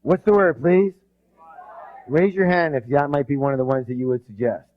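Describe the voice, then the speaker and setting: Energetic seminar man, muffled recording. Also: mid-range voice, normal speed. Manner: energetic, drills the audience with rhetorical questions; emphatic, bursts loud when stressing passion. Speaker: motivational seminar speaker. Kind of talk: live seminar talk with call-and-response. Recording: dull lo-fi recording.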